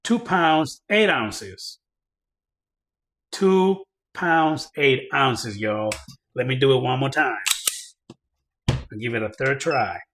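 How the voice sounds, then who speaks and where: Excitable man demoing gear to viewers. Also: medium pitch, slow, pauses often. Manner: chatty, addresses viewers directly, excitable when reading results. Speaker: firearms reviewer. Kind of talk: casual hands-on product demo.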